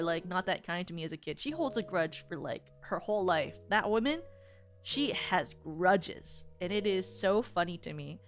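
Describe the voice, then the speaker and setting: A woman streamer chatting casually to her viewers in a rambling way, with many filler words. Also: mid-range voice.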